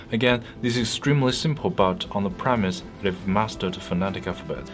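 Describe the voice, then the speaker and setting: A man narrating a scripted pronunciation lesson in a clear, patient, explanatory way. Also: lowish voice, steady tone, a little fast, hardly any pauses, faint music behind. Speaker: English pronunciation teacher.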